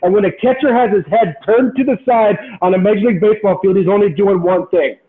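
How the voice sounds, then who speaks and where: Intense high-voiced man telling a story. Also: quick pace. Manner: animated, intense, motivational, repeats words when excited. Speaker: podcast guest, former pro baseball player. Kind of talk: storytelling in casual interview. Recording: tinny phone-like sound.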